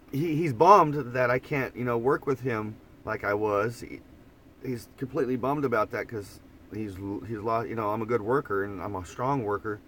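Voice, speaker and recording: With a medium-pitched, fairly bright voice and a faint hiss or hum, this Oklahoma-twanged man live streams in the morning from an old camper van. Talking into a phone propped before him, the vlogger rambles in a relaxed way, frequently restarting what he says.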